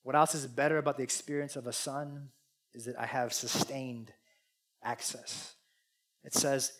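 A man preaching a sermon, earnest and confessional, swinging between loud appeals and hushed asides. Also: medium pitch, fairly even intonation, moderate pace. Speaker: pastor.

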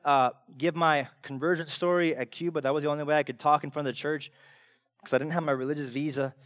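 A male pastor preaching a sermon in a casual, intense way, using slang and building to shouts. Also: fairly high pitch, dry recording, studio quality.

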